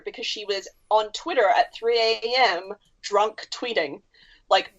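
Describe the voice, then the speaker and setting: A woman's voice: fairly high pitch, steady tone, moderate pace. A woman co-hosting a podcast, telling stories in a chatty way and swearing freely. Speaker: podcast co-host. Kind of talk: casual podcast chat. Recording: dull lo-fi sound.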